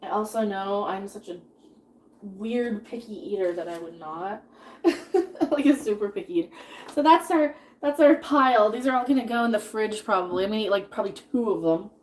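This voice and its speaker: A woman's voice: mid-range voice, a little hiss or hum. A woman in her thirties chatting casually while cooking on a live stream, rambling and laughing often as she reads chat.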